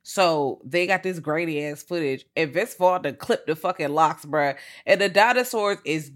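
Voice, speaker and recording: Podcast cohost riffing on movies, swears a lot, animated, voice leaps way up for quotes. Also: normal speed. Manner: animated, profane, acts out quotes with big pitch jumps. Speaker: podcast co-host. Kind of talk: casual movie review chat.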